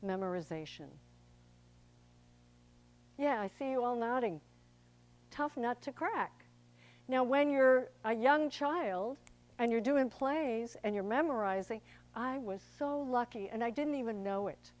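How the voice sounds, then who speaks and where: A woman's voice: fairly high pitch, animated, unhurried, long pauses, a little mellow. An older woman, an actor and director, giving a chatty, theatrical public talk to an audience. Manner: chatty and theatrical, acts out quoted voices.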